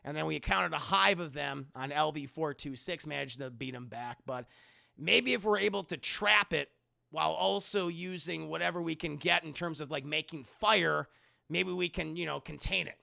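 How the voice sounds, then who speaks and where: A man acting out a weary woman officer, explaining slowly and flatly in his own voice. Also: a little high, creaky, no room sound, studio quality, full character voice. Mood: tired explaining.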